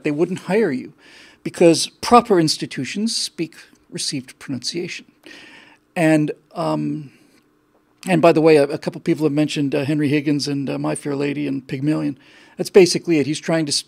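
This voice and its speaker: Gravelly man, rambling monologue. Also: a little high. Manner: rambling, with frequent restarts and repeated words. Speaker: show host. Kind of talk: casual monologue.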